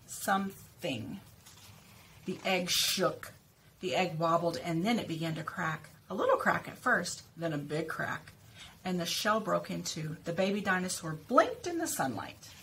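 Slow, clear-speaking woman teacher. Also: on the low side, very animated, a bit bright, a little hiss or hum. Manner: slow, clearly stressed repetition of target words. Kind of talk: reading a picture book aloud with word practice.

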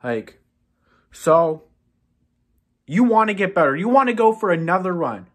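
A woman hosting a sports fan channel gives an exasperated, scolding reaction rant, swinging between low muttering and raised outbursts. Her pitch swings widely, her pace is a little slow, and she pauses often.

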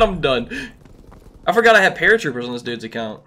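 A man giving excitable, trash-talking commentary over his own gameplay, a little sick. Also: sits high, very fast. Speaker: gaming YouTuber. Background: faint background music.

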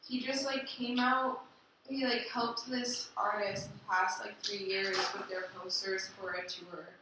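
A woman's voice: medium pitch, little pitch movement, a little slow. A young woman speaking up in class, hesitant and full of "like". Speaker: student. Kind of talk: classroom question. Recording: distant, echoey, noisy room.

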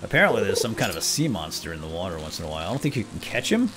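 A man giving casual, excitable commentary while playing a video game, and calling out to the characters as if they could hear him. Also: low-pitched, rapid-fire, loud music behind the voice. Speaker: let's play gamer.

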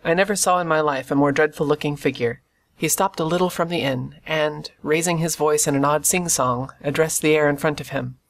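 An audiobook reader narrating a classic adventure novel in a steady, measured storytelling voice. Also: medium pitch.

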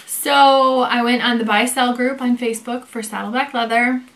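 A woman's voice: a little high, moderate pace. Chatty woman with a raised voice for a casual review vlog, quoting people as she tells a story. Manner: chatty, animated storytelling with quoted dialogue. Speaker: leather bag reviewer.

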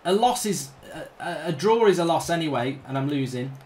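A man's voice: a little high, expressive, a little fast, darkish tone, a little hiss or hum. A man commenting live on his own gameplay, ranting and swearing in exasperated outbursts. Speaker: gaming streamer.

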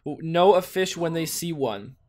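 A man hosting a gaming video, giving casual, excitable play-by-play commentary and exclaiming and swearing often. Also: a little high, a little slow. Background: faint background music.

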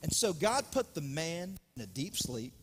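A man preaching a sermon with dramatic swings between loud emphasis and hushed asides. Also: fairly high pitch, sing-song, normal speed, a little hiss or hum. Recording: reverberant hall, speaker off-mic at times.

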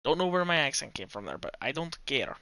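Excitable, lively-pitched male streamer. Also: fairly quick, no room sound. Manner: excitable, swears freely, rambling. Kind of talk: casual live gaming commentary.

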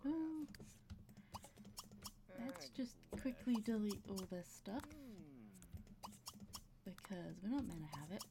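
Female gamer narrating her play, chatty and laughing, gravelly fry and audible breaths over faint hiss. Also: a little high, very animated, slow pace, pauses often. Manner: chatty, talks to her game characters, laughs often. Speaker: gameplay commentator. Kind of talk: casual gameplay commentary.

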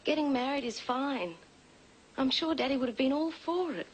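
A woman's voice: sits high, normal speed, slight background noise, lightly acted, poor audio. An actress playing an earnest, pleading young woman in the style of 1980s TV soap acting.

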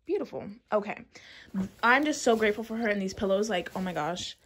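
A woman in her twenties chats casually to her camera at home as a vlogger, bubbly and talkative, sprinkling in plenty of "like" and "literally." Her mid-range voice has lively intonation and a brisk, slightly bright quality.

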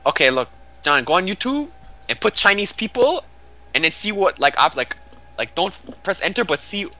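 A young man teases his friends while gaming, playing up outrage in a mock-dramatic way. His voice is bright and forceful, and it swings widely in pitch. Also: sing-song, normal speed. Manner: mock-dramatic, teasing, crude. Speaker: gamer chatting with friends. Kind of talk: casual chat while gaming.

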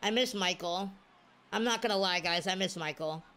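A woman commentating her own video game play, excitable and cheering on or scolding her players. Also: lowish voice, moderate pace, a little hiss or hum. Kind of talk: casual gameplay commentary.

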